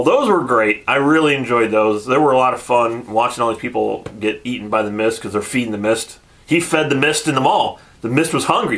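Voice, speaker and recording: Sarcastic man reviewing a show, somewhat high voice. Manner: sarcastic, laughs often, animated retelling. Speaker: channel host reviewing a TV episode. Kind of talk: casual spoken review.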